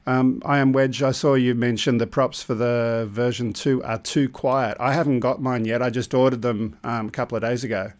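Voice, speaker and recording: A man's voice: medium pitch, fairly even intonation, normal speed, few pauses. A man hosting a live drone stream, chatting loosely and joking while he runs the controls. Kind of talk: casual live-stream chat.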